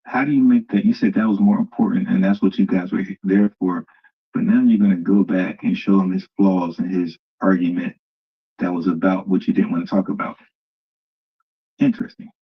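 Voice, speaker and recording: A man's voice: sits low, level tone, a little fast, breathy edge, dull audio. A man hosting a livestream, mocking a debate clip and talking straight to his viewers in casual commentary.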